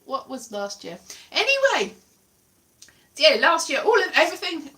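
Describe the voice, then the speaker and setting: A woman's voice: sits high, big pitch swings, normal speed, bright, forceful tone, far from the mic. A woman in her twenties chatting casually and self-mockingly on a livestream, laughing often. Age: 20s. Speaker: livestream host.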